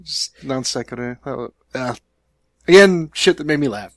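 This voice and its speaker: A man's voice: mid-range voice, moderate pace, fairly bright tone, no room sound, studio quality. A man on a casual podcast describing a movie line, hesitant with frequent ums and uhs. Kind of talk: casual chat.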